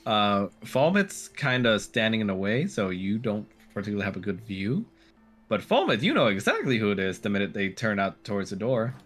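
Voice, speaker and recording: A man narrating as game master in a relaxed, hesitant way, laughing often. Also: fairly low pitch, brisk, faint music behind.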